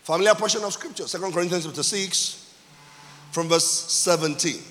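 A male pastor preaching a sermon, repeating key phrases and shouting for emphasis. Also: high-pitched, fairly quick. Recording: long hall reverb.

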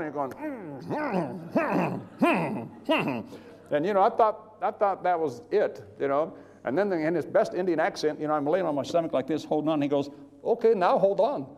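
An older male preacher tells a personal testimony to his congregation, animated and chuckling, slipping into other people's voices as he goes. His voice sits somewhat high for a man. The sound rings with a long reverb from a large hall. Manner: storytelling, animated, acts out voices, chuckles often. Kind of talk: sermon testimony.

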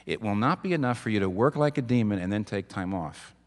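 A middle-aged man giving a sermon as pastor, talking in a conversational, storytelling way with halting restarts. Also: fairly low pitch, lively intonation. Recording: long hall reverb.

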